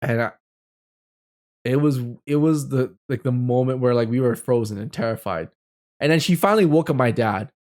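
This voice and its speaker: A man in his thirties telling a personal ghost story as host, animated and full of fillers. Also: medium pitch, normal speed. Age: 30s.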